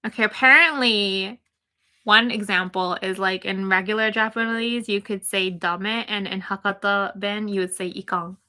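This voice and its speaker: A woman's voice: mid-range voice, steady tone, normal speed, sharp tone. A young woman with a Toronto accent, chatting casually on a live stream, reading out her chat and rambling with lots of fillers and little giggles.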